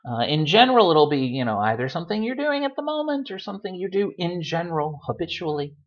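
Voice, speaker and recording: Man, language teacher, chatty, dry jokes, animated intonation, muffled home recording. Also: fairly high pitch, fast talker. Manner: relaxed, chatty, with dry joking asides. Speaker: Spanish teacher. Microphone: computer microphone.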